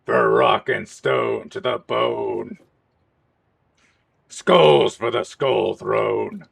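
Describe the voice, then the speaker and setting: A man putting on a gruff drill-sergeant soldier voice, growling shouted taunts hard enough to strain his throat. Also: lowish voice, very slow, full character voice. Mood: barking.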